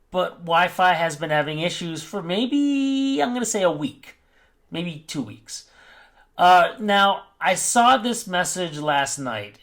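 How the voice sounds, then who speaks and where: A man chats to his viewers in a loose, rambling vlog style, stopping to correct himself as he goes. His voice sits a little higher than most men's. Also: fairly bright tone. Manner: rambling, off-the-cuff, self-correcting. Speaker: crypto mining YouTuber. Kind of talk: casual vlog talk.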